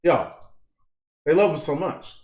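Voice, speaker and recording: A man's voice: a little high, measured pace, a little mellow, roomy sound. A man with a Texan accent hosting casual political commentary, slangy and mocking, often laughing at his own jokes. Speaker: commentary channel host.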